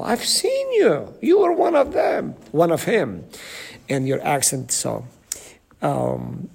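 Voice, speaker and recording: Leading a Bible study, a man teaches slowly, with many ums, and asks questions of the group. His voice is mid-range, creaky, husky and darkish in tone.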